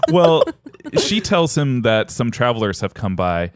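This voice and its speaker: A man's voice: mid-range voice, dry recording. A man hosting a podcast, retelling a myth in a comedic chat and briefly acting out the characters. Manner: animated, acts out characters in quick bits.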